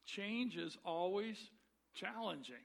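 A man with a notably high voice preaches to his congregation. He is middle-aged and tells his stories earnestly, shifting into the voices of the people he quotes. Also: slow pace, gravelly. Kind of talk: sermon.

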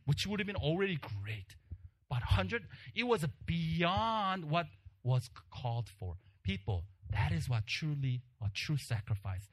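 A man preaching a sermon, telling a personal story in an animated way and acting out the crowd's shouts, then dropping to a hushed voice for emphasis. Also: on the high side.

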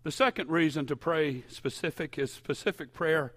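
A pastor delivers a sermon in church, his voice bright and a touch high for a man. He talks folksy stories in a conversational way, then swells into loud, impassioned shouting. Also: moderate pace.

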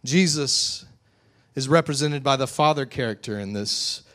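A man preaching a sermon, retelling a story in a lively, vivid way. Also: mid-range voice, unhurried. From West Texas. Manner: animated, vivid retelling with acted quotes. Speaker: pastor.

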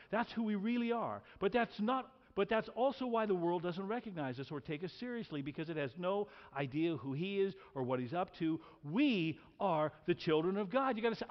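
A pastor in his sixties preaches an emphatic sermon in a church sanctuary, leading the congregation in call-and-response. His voice sits high, and the lo-fi recording was made in a large hall.

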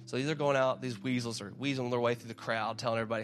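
Rapid-fire and steady in tone, a mid-range male voice delivers a casual, conversational sermon. As he reads scripture aloud he keeps repeating his words, and he acts out the crowd's shouting.

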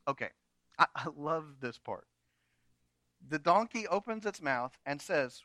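A man preaching to his congregation, telling a story with joking asides. His voice is high and bright, recorded close and dry with no room around it. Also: animated, a little slow, long pauses, no room sound. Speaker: pastor. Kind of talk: sermon.

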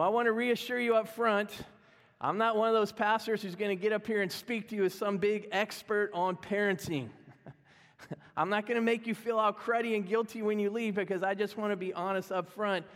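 A man's voice: high voice, normal speed, fairly bright tone. A middle-aged man preaching a sermon as pastor, conversational, humorous and self-deprecating. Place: church sanctuary. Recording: long reverb of a church hall.

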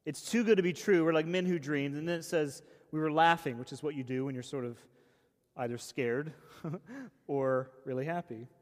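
A man's voice: a little high, fairly even intonation, normal speed. A man preaching a casual, conversational sermon, often restarting phrases and saying "like" as he goes. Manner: casual, chatty, many restarts and "like". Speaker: pastor. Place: church hall. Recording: long church reverb.

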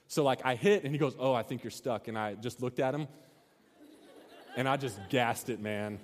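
Telling a funny story during his sermon, a pastor animatedly acts out the voices and shouts. He has a mid-range voice and a moderate pace, and the large hall gives a long reverb.

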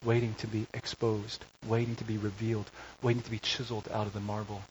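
A man's voice: fairly low pitch, flat delivery, fast, a little mellow. A man preaching a conversational sermon, with joking asides and frequent self-corrections. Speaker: pastor. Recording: slightly dull recording with faint hiss.

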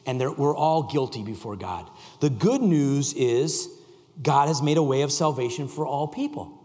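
A man preaching a sermon to a congregation, reading scripture and joking with the room, shifting from loud emphasis to quiet intensity. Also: fairly high pitch. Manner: reads scripture aloud and jokes with the congregation. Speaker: pastor. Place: church sanctuary. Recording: long reverb of a large hall.

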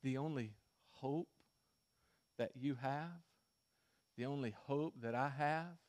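A male pastor preaching a sermon and telling a story, swinging from emphatic stretches to hushed ones. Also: mid-range voice, slow pace.

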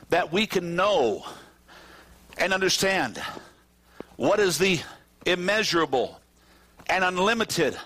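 A man preaching a sermon to his congregation, climbing to shouted peaks and dropping to low, drawn-out phrases. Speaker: pastor. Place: church sanctuary with congregation.

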